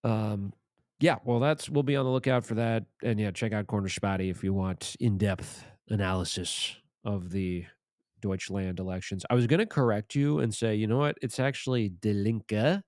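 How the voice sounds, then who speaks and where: Low-voiced man, halting podcast talk. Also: a little mellow, dry recording, clean studio sound. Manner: hesitant, filler-heavy. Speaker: podcast guest. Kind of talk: casual chat.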